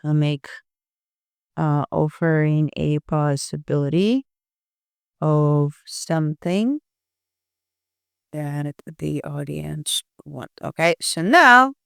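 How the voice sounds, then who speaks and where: Chatty woman teaching copywriting, smooth voice. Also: deep voice, slow pace, pauses often, fairly bright tone, no room sound, clean studio sound. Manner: chatty, checks in with frequent "right?" and "you know"; thinks aloud while analyzing text. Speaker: copywriting instructor. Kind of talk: casual screen-share walkthrough.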